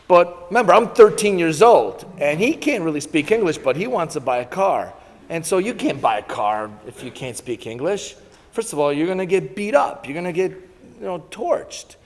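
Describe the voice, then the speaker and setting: A middle-aged man born in Italy, giving a lunchtime talk and telling animated anecdotes with laughter. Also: on the high side. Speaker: guest speaker. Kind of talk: storytelling talk to an audience. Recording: long reverb in a hall.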